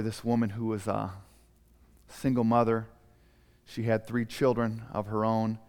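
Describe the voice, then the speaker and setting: A male preacher tells a story sermon with animated, dramatic delivery. His voice sits in a middle range, and a long hall reverb follows him. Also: mid-range voice.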